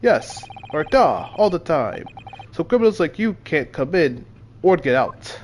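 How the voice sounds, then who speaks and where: Man doing a gruff Russian sailor Biff Stroganoff. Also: a little high, sing-song, slight background noise. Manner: broken English, slow heavy delivery. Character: burly gruff Russian senior crewman, male, suspicious.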